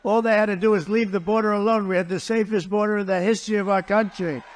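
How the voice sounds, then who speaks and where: A political candidate addresses a rally crowd with bluntness and mockery, hammering the same points and slipping in boasts on the side. He talks fast in a high voice with fairly even intonation.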